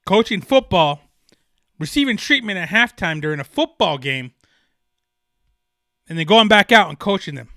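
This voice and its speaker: Bright, passionate male sports podcaster. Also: sits high, animated, moderate pace, pauses often, dry recording, clean studio sound. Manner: passionate, emphatic, rambling with restarts. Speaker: podcast host. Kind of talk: solo sports podcast monologue.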